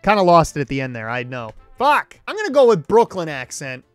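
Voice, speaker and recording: A man's voice: a little high, big pitch swings, a little fast, dry recording, soft background music. A young man hosting his own video show, rambling casually with swearing and self-mockery into a close desk mic. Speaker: YouTube host. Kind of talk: casual solo commentary.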